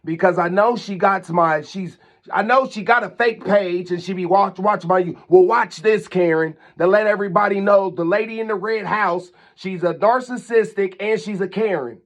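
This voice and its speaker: A man's voice: high-pitched, normal speed. A man, hosting his own vlog and delivering a heated, repetitive, scolding rant at a neighbor. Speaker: channel host.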